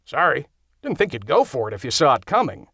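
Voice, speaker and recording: A man's voice: mid-range voice, sing-song, brisk, sharp tone, breathy edge, dry recording, studio quality, exaggerated voice. A man voicing an eager, goofy young man with impulsive ideas, in an audiobook reading.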